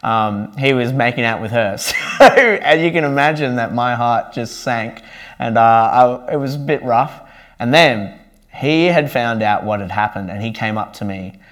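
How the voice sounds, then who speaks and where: Earnest young man, lowish voice. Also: a little slow. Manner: earnest and conversational. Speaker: church member sharing his testimony. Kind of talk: personal faith testimony, casual speaking.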